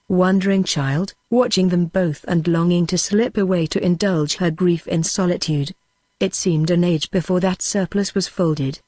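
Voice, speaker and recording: A text-to-speech woman's voice with a British English accent narrating a novel in an even, synthetic manner. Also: lowish voice, dry recording. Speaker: audiobook narrator. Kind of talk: scripted narration.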